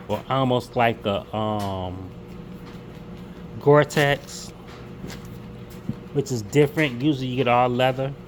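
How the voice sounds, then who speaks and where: A man's voice: medium pitch, a little hiss or hum. Easygoing man showing his sneakers. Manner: relaxed, repeats words and restarts, casual slang. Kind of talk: casual unboxing vlog.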